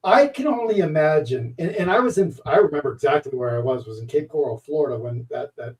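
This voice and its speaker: An easygoing man hosts a relaxed conversation over a remote call and gently steers it back on track. His voice is mellow and a little high for a man. He sits back from his mic, so he sounds somewhat distant. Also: fast. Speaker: host. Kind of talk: casual chat.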